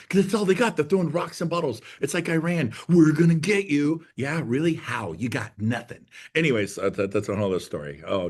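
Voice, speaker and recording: A man's voice: mid-range voice, husky. A middle-aged man, a real estate guest speaker, telling stories energetically and acting out quoted voices. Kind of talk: animated storytelling talk.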